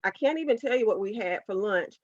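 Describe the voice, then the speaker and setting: On a podcast, a South Carolina woman tells her personal faith story with heartfelt earnestness, speaking quickly with lively intonation in a mid-range voice. The recording is dry, dull, and lo-fi.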